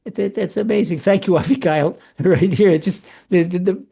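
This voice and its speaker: Animated man giving a storytelling lecture. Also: high voice, moderate pace, gravelly, husky. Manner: animated, repeats and restarts words often. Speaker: rabbi. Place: room with a live audience.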